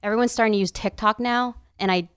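Teasing woman, high dry voice. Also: fairly even intonation, quick pace, clear, resonant tone, no room sound. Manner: playful, teasing, laughs often. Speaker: podcast co-host. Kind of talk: casual chat.

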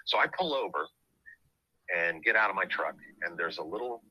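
A man's voice: low voice, animated, normal speed, sharp tone, breathy edge, no echo, poor audio. A man hosting a podcast, telling a personal story in an earnest, reflective way. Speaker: podcast host.

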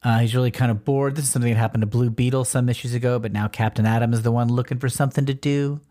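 A man's voice: medium pitch, steady tone, rapid-fire, warm tone. A man co-hosting a podcast, chatting casually about comic books and now and then reading lines aloud in playful voices. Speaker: podcast co-host. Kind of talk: casual comic book discussion.

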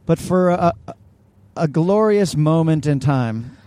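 A man co-hosting a casual comedy podcast, rambling and joking in an animated way. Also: a little high, measured pace, no room sound. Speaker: podcast co-host.

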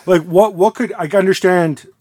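A man giving lively, joking football analysis in a casual podcast chat, full of quick asides. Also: high voice, dry recording. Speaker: football pundit.

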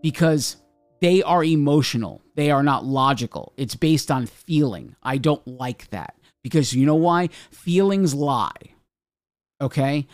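A male podcast host rants emphatically, pressing his points and checking in with his listeners. His voice sits a little high and the sound is dry and close. Soft music plays behind him. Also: animated, a little slow, no room sound. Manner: emphatic, argumentative, says okay often. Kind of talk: ranting monologue.

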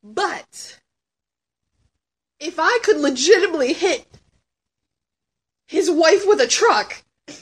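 A woman in her thirties, chatting casually as a guest and answering questions with lots of laughing, swearing and sudden shouts. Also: extremely high pitch, expressive, takes it slowly, pauses often. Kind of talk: casual chat.

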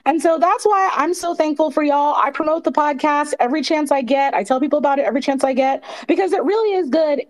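High-voiced outspoken woman. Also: a little mellow. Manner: outspoken, emphatic. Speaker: podcast co-host speaking in a live audio space. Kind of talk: casual live chat.

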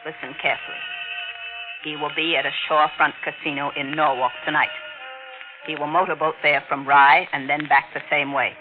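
An actor playing a cold, curt, mysterious veiled figure in black giving orders, in a 1940s-style radio drama. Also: male voice, on the high side, little pitch movement, brisk, close to an everyday voice. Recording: tinny old radio broadcast with music.

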